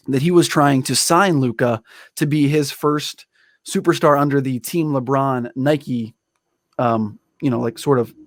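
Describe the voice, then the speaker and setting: A man's voice: medium pitch, no echo, studio quality. A man hosting a sports podcast, chatting casually and enthusiastically with plenty of fillers and restarts.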